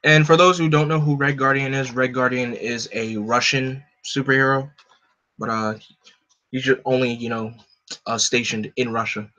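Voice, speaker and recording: A man talks casually between lines while reading a comic book aloud. He speaks in a chatty, loose way, full of fillers and quick self-corrections. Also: mid-range voice, fairly even intonation, sharp tone. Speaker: reader of a live read. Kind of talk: casual asides during a comic live read.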